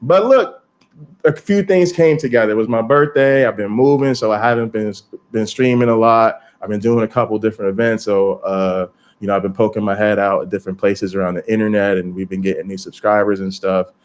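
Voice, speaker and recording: A man hosting a casual livestream, talking straight to viewers in an animated, profane way. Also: fairly low pitch, fairly quick. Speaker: streamer and channel host.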